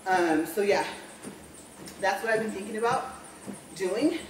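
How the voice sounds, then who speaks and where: A woman with a mid-range voice, speaking a little slowly, vlogs casually while walking on a treadmill in a room at home. She's out of breath and rambles, correcting herself as she goes. The recording is roomy and distant, with a little hiss or hum.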